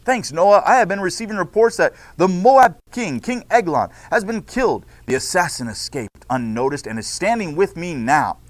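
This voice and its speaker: A man's voice: sits high, very animated, normal speed, few pauses, dry recording. A man voicing an eager male field reporter at a crime scene.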